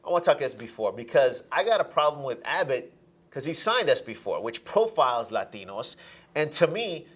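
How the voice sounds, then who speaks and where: A man hosting a political talk show, arguing his points in an animated way and laughing between them. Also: medium pitch, normal speed, breathy edge.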